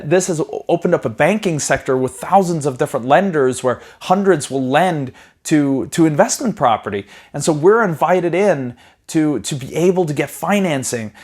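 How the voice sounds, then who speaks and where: A man, a property investing educator, telling his personal story in a conversational way, full of "you know" and quick restarts, livening up when he retells conversations. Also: a little high, a little mellow.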